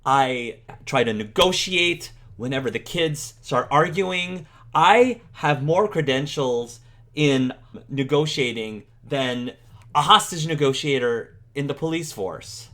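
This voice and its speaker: A worn-out wife and mother, voiced by a man running a tabletop game, her words heavy with tired resentment and defensiveness. The pace is unhurried and slow, at a middle pitch for a man. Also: expressive, pushed and bright. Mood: bitter, weary. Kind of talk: tabletop role-play voicing.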